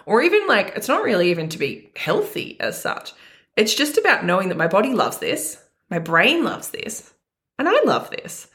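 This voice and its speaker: A woman's voice: medium pitch, huge pitch swings, normal speed, fairly bright tone. A young adult woman coaching on food and body image, talking earnestly and emotionally straight to her viewers in a personal monologue.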